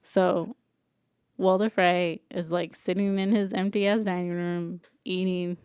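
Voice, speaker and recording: A woman's voice: fairly low pitch, flat delivery, slow, darkish tone, smooth, dry recording. A young woman co-hosting a podcast, recapping a TV show in casual chat, full of "like" and acted-out character lines. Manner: chatty, lots of "like", acts out characters' lines. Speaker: podcast co-host.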